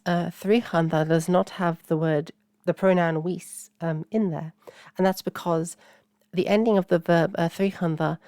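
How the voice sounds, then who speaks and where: A woman's voice: lowish voice, dark tone, smooth, no room sound, studio quality. A woman teaching an old language word by word in a patient, explaining manner, with many fillers and self-corrections.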